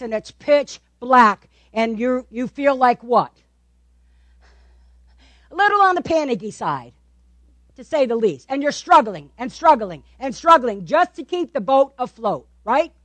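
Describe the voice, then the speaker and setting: A woman preaching a sermon, animated, repeating words for emphasis and asking the listeners questions. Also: sits high, measured pace, dry recording.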